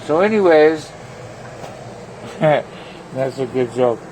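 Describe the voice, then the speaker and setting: A man's voice: mid-range voice, animated, very slow, a little mellow, slight background noise. A man vlogging an angry, profane rant, telling a story packed with insults. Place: home, near a pet cat.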